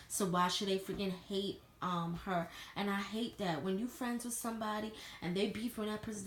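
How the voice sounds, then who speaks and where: A young woman reviewing a reality show in casual chat, blunt and profane, full of slang. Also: lowish voice. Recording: echoey room with faint ambient noise.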